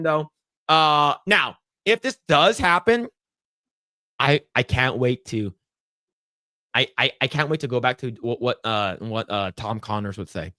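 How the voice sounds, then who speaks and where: Recorded with clean studio sound and no room echo, this man co-hosts a podcast in loose, profane conversation. He's animated throughout and leaps abruptly into a far higher voice to act out reactions.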